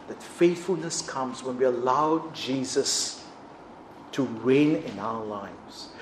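A man preaching a sermon in an auditorium, swinging between loud emphasis and hushed, drawn-out phrases. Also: medium pitch. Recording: roomy echo, faint background noise.

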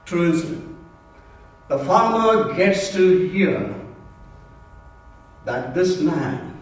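Emphatic preacher in an echoey church. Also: male voice, fairly high pitch, expressive, slow, pauses often, slight background noise. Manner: emphatic, repeats key phrases, drops to hushed tones. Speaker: pastor. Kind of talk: Good Friday sermon. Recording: roomy church sound from a distance.

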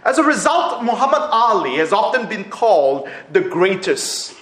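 Animated high-voiced man preaching. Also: moderate pace. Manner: animated, acts out quotes with laughs. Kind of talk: sermon. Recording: echoey room.

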